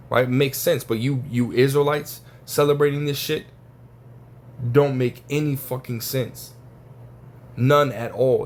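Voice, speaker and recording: A man's voice: mid-range voice, darkish tone. A man giving an informal religious teaching, talking casually and profanely and tagging his points with "right?" and "man". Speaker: scripture teacher.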